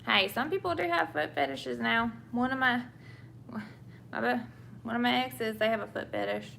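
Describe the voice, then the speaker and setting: A woman's voice: fairly high pitch, normal speed, creaky, a bit bright, slight background noise. A young woman with a Southern US accent, from England, chatting casually with viewers about work as a nurse while doing her makeup. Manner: chatty, answers viewer questions, many fillers and restarts. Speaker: nurse and vlogger.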